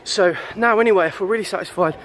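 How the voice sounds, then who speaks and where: A man's voice: high-pitched, fast, a bit bright, a little hiss or hum. A man in his thirties, a photographer talking to camera in a casual, upbeat and rambling way, outdoors by the sea. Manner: chatty, upbeat, rambling with restarts. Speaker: photographer vlogger. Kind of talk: casual vlog talk to camera. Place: outdoors by the sea, then in town.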